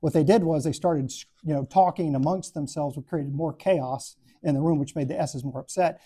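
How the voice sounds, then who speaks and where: A man leads a Bible study and tells stories in an animated, joking way, slipping into other people's voices as he goes. His tone is dark and mellow. He talks to a live group in the room. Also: fairly high pitch, normal speed, breathy edge. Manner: animated, acts out voices and laughs at own stories. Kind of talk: storytelling talk to a class.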